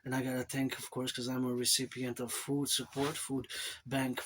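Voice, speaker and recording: A man's voice: mid-range voice, completely flat delivery, moderate pace, a bit bright, slight background noise. A man from Montreal with a Quebec accent, talking in a loose, rambling monologue to camera and dropping asides like "eh?". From Canada. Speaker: vlogger.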